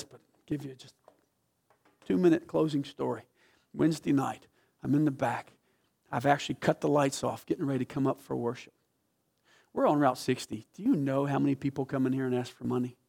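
A man preaching a sermon as pastor, telling a story with passion, swinging from loud to hushed. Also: on the high side, vocal fry. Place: church sanctuary.

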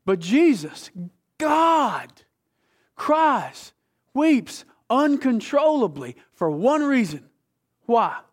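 Male preacher, high voice, fervent and conversational, drops to a hush then builds up loud. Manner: passionate, swings between hushed and loud; conversational, asks the audience questions. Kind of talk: sermon.

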